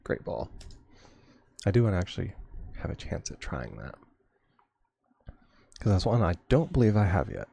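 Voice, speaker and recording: A man's voice: sits low, sing-song, normal speed, creaky, long pauses, warm tone, slight background noise. A man streaming a game, chatting casually and rambling with frequent chuckles. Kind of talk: casual gameplay chat.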